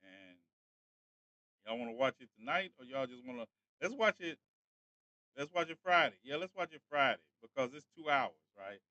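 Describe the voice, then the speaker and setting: A man's voice: mid-range voice, lively intonation, moderate pace, bright, forceful tone, no room sound, dull audio. A man hosting a casual livestream, chatting straight to his viewers. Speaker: livestream host.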